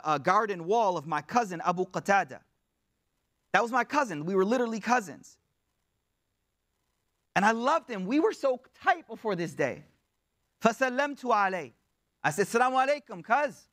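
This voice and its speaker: A man's voice: sits high, fairly bright tone. A man giving a storytelling sermon, retelling an old account in the first person with Arabic quotes and casual, conversational phrasing. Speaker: preacher.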